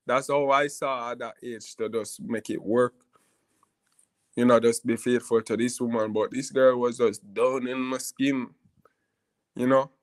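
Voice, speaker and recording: A man's voice: medium pitch, no echo. A man tells a personal story in a rambling, casual way, often asking "you see me" and laughing as he goes. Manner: frequent laughs and restarts while telling.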